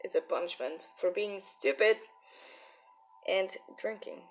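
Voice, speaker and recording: A young woman with a Polish accent talks slowly and easily to her viewers as she works on a drawing. She chuckles often and mutters to herself in between. She sounds hungover. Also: mid-range voice, slight background noise. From Poland. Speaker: artist streaming while drawing. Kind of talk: casual live-stream chat.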